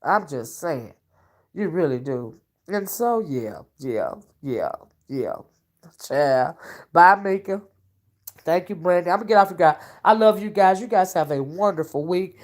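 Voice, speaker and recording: A woman's voice: lowish voice, lively intonation, unhurried, darkish tone. A woman hosting a casual livestream from her home, chatting folksily, calling listeners honey and child, and thanking viewers by name. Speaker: self-styled oracle and livestream host. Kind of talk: casual livestream chat, reading viewer comments. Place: at home while cooking dinner.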